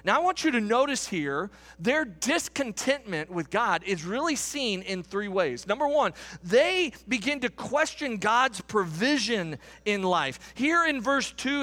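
A man in his thirties delivers a sermon in church with a high, bright, forward voice. He is earnest and repeats words as he presses a point. When he voices complaints he lifts his voice higher still. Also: very animated, a little slow, hardly any pauses. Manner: acts out quoted complaints in a raised voice. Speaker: pastor.

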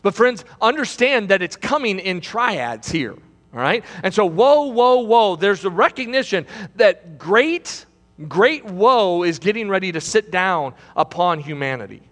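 In a church sanctuary, a preacher with a high-pitched voice speaks from the pulpit, very animated yet at a measured pace. He shifts between soaring, loud cries and hushed, low passages, often repeating phrases, while a long reverb fills the large hall.

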